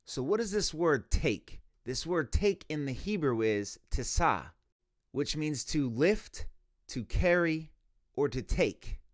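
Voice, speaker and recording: In this Christian reaction video, the male host speaks slowly and expressively with a fairly high pitch. He makes emphatic, argumentative points and quotes scripture aloud as he mixes commentary with Bible teaching.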